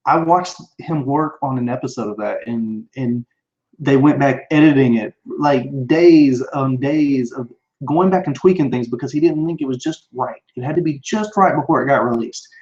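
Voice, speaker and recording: This is casual live-stream chat from a man, likely in his thirties, who hosts a show and responds to viewers. His medium-pitched voice has a darkish tone and moves at a normal speed, though he rambles with many restarts and fillers. The computer microphone yields lo-fi sound.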